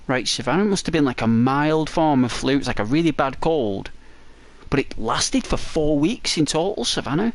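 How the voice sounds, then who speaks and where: Streamer guy on a break, dry croaky throat, rambly chat, says like a lot, medium pitch. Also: very animated, fairly quick. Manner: rambling, full of "like". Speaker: game streamer.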